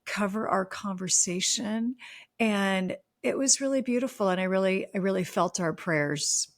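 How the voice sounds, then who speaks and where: A woman's voice: medium pitch, normal speed. Woman podcast host, effusive and heartfelt, casual chat and ad reads. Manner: warm, effusive, faith-filled talk.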